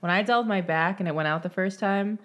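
A woman's voice: mid-range voice, fast. A young woman co-hosting a podcast live stream, chatting casually, crude and joking, often talking over her partner. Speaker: podcast co-host. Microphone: computer mic on a live stream.

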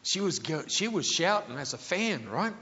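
Brief: male pastor, high, bright voice, unhurried delivery, leads call-and-response. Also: big pitch swings, gravelly. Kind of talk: sermon. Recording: echoey hall, dull sound.

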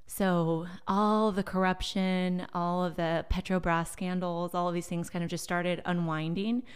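A woman, a podcast guest, talking casually, animated, and slipping into other people's ways of speaking. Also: on the low side, a little slow, clear, resonant tone. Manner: animated storyteller, mimics voices she hears. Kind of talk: casual conversation.

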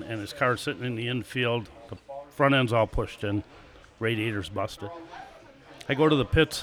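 An older man in his sixties, a guest on a live show, relaxed and chatty as he tells his stories. His voice sits in an ordinary middle pitch and breaks into small chuckles between stories. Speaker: guest, former stock car racer. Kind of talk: casual storytelling interview.

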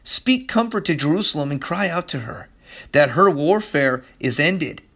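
A man's voice: on the high side, expressive, normal speed, pushed and bright, husky. A man preaching a podcast sermon, urgent and pleading, who keeps repeating "listen" to his listeners. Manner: impassioned, pleading.

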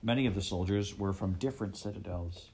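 A man narrating a storybook with a steady, expressive reading. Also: low voice, a little fast, slight background noise. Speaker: audiobook reader.

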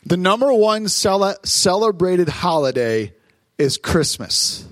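Lively storytelling pastor, dry sound. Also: male voice, high-pitched, no room sound. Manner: warm storytelling, lively, quick asides. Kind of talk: sermon. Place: church sanctuary on stage.

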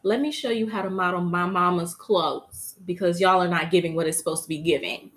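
A woman voicing a sassy, bossy little girl who brags and cusses loudly. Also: lowish voice, a little fast, lightly acted. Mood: boastful. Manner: brash, cussing, loud and bossy.

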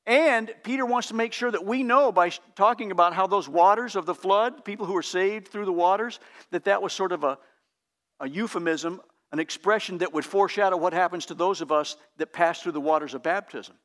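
A pastor preaching a sermon in an earnest, emphatic, teacherly way. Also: male voice, high voice, fairly quick, a bit bright.

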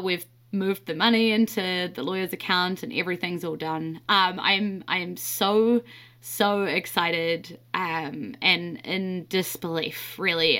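A woman's voice: fairly low pitch, bright, forceful tone. A young woman from New Zealand with a New Zealand accent, hosting her podcast in a chatty, candid monologue with frequent laughs. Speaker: podcast host.

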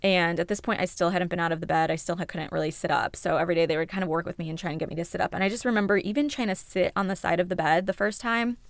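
A young woman speaks frankly and emotionally about a hard time in her life, swearing now and then. Her voice sits low with a gravelly fry. The recording is close and dry, with no room sound. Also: steady tone, very fast, few pauses, dry recording. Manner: candid, emotional, swears freely. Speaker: accident survivor telling her story. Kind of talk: personal storytelling to camera.

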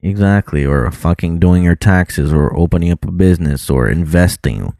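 Deep man, teasing, casual chat, lots of fillers, dry close sound. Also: expressive, moderate pace, gravelly, dark tone, no room sound. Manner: teasing, filler-heavy with frequent "like".

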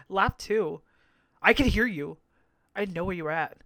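A man's voice: sits high, very animated, gravelly, sharp tone. A brash man hosts a casual podcast recap in a dry, close-sounding room with no reverb. He swears freely, laughs at his own jokes, and drags out names for theatrical effect. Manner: theatrical, drawn-out emphasis on show names. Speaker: podcast host.

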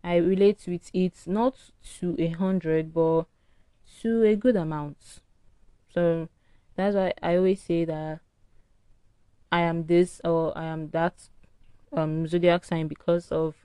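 A woman's voice: on the low side, fairly even intonation, takes it slowly, long pauses, mellow, clear, resonant tone, no room sound. A tired woman hosting a solo podcast, rambling frankly in a casual early-morning rant. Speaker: podcast host. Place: indoors at home early morning.

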